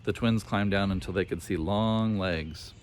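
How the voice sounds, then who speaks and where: Male storybook narrator, low voice, gentle and clear. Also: a little slow. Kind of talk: children's story reading.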